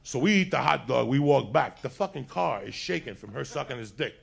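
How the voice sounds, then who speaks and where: A man with a New Jersey accent telling a profane crime story in an animated, loud way. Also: medium pitch, fairly quick, creaky, slightly rough. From North Bergen, New Jersey.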